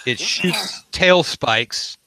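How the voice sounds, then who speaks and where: Slow, halting man running a tabletop game. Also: a little high, lively intonation, bright, forceful tone, a little hiss or hum, low-quality recording. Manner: halting, full of ums and uhs. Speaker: dungeon master. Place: home game room on camera.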